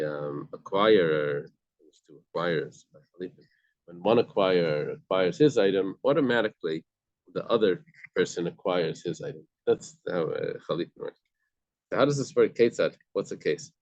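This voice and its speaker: A man's voice: sits low, darkish tone, no echo, lo-fi sound. A man teaching a casual Talmud study class, explaining step by step with everyday examples and frequent restarts. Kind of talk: casual study-group lesson.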